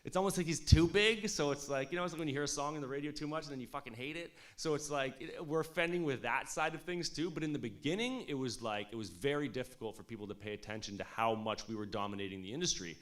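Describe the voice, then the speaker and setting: A man in his thirties telling a casual, animated story about his studio years, peppered with swearing and "like" and "you know". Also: fairly high pitch, fast talker. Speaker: music producer speaking at an industry showcase.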